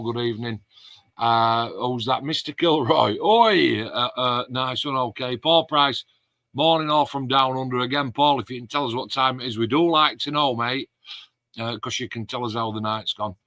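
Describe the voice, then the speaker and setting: A man's voice: medium pitch, moderate pace, bright, forceful tone, no room sound. A man hosting a casual live stream, chatting and reading out viewer comments. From England. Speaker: host of a model-building live stream.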